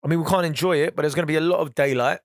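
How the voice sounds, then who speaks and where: A young man chatting casually on his solo podcast, animated and slangy. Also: fairly high pitch, rapid-fire, no room sound, clean studio sound. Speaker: podcast host.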